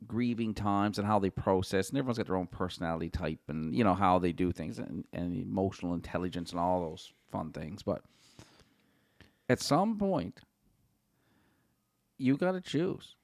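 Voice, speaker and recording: A man's voice: fairly low pitch, expressive, moderate pace, long pauses, darkish tone, no echo, clean studio sound. A man talking as a podcast guest, earnest and encouraging, repeating his points for emphasis. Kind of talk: casual conversation.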